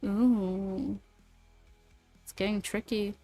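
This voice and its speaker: A woman's voice: mid-range voice, fairly even intonation, drawn-out words, warm tone, no echo. Playful woman streamer, faint music behind. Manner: playful, teasing, lots of laughs. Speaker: livestreamer chatting with viewers. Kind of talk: casual livestream chat.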